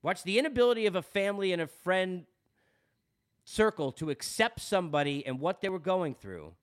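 In a high, somewhat bright voice, a podcast host with a Long Island New York accent opens up in an earnest personal monologue. He's candid and tends to repeat words as he talks.

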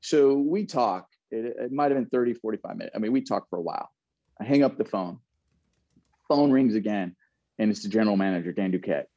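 A former pro baseball player, appearing as a guest, looks back on old stories in a relaxed, casual interview, laughing often and frequently restarting his sentences. His voice is low and mellow, his pace fairly quick, and the recording sounds dull, lo-fi, dry and close with no echo.

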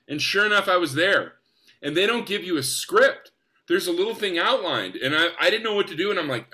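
A young man from the United States, an actor guest, telling stories in an enthusiastic, animated way. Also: fairly high pitch, quick pace. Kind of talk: casual storytelling.

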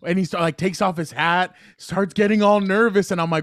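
Casual sports co-host man, slightly high voice, dry close sound, rambling storyteller. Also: fairly even intonation, fairly quick, few pauses, no echo. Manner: rambling, many restarts, retells stories with quoted voices.

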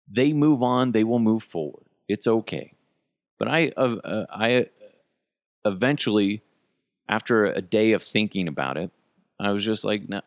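A man's voice: on the low side, no room sound, clean studio sound. A middle-aged man hosting a solo podcast, talking in a casual, rambling way and often restarting his sentences. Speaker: podcast host.

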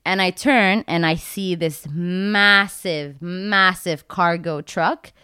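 A young woman casually telling a long personal story, acting out her own remarks in a much higher voice. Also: slow pace, smooth, no room sound, clean studio sound. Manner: animated, acts out her own lines in a high voice.

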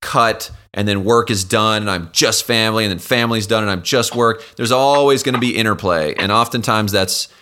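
A man hosting a podcast, asking curious questions and cracking quick jokes. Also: fairly low pitch, sharp tone, clean tone. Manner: curious, jokey, and quick with playful impressions. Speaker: podcast host. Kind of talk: casual interview.

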